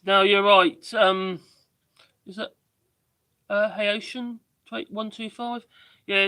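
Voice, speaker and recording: A man with a high, bright voice talks to his live viewers while he works on a repair job. He rambles, restarts his sentences and mutters to himself between thoughts. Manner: rambling, hesitant, with many restarts and fillers. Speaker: live-stream host. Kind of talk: casual live-stream chat during DIY work.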